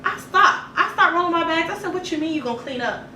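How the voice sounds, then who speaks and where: A high, bright-voiced woman tells a storytime vlog with blunt, profane energy, addressing her viewers directly. She sits a little back from the mic in an echoey apartment room with a faint rumble behind her. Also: expressive, fast talker, recorded from a distance. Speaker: vlogger.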